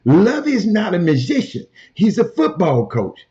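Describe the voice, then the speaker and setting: A man's voice: high-pitched, wildly swooping pitch, takes it slowly, few pauses, mellow. A man hosting a sports talk show from a hotel room, talking casually and emphatically, repeating his points and calling out to his cohost and viewers. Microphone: portable camera. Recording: dull lo-fi sound.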